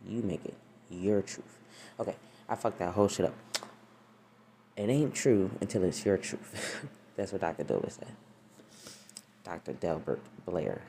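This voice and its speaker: A woman's voice: very deep voice, creaky, warm tone, a little hiss or hum. A woman hosting her own podcast, chatting casually and rambling with profane, laughing asides. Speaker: podcast host. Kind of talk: casual solo podcast chat.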